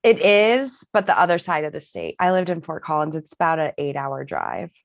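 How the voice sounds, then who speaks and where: A woman with a low, gravelly voice talks in a dry, matter-of-fact way. She chips into the casual podcast chat with quick remarks. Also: lively intonation.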